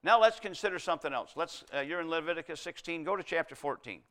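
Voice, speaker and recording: A middle-aged man preaching with a bright, ringing voice that sits a little higher than most men's. He swings from loud emphatic peaks down to hushed, low passages and keeps asking the congregation rhetorical questions. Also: lively intonation, quick pace. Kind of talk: sermon.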